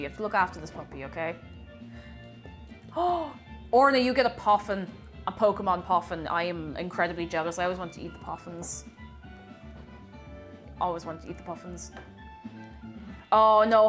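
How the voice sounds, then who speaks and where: A woman's voice: medium pitch, moderate pace, pauses often, fairly bright tone, faint music behind. A woman streamer in casual live-stream chat, greeting viewers by name and playfully repeating phrases while she works in her home kitchen.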